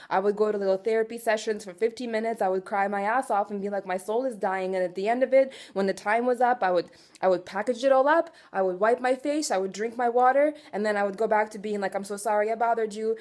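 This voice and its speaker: A vlogger in her twenties delivers a raw, profane confessional rant at a fast clip in a medium-pitched voice. She swings from quiet weariness to loud exasperation and keeps asking, "do you know what I'm saying?"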